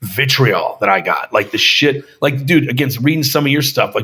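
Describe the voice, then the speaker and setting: A film director talking casually as a podcast guest, swearing freely and acting out other people's lines with emphasis. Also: male voice, medium pitch, normal speed, hardly any pauses, bright, forceful tone, husky. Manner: profane, emphatic storyteller acting out quotes. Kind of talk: casual conversation.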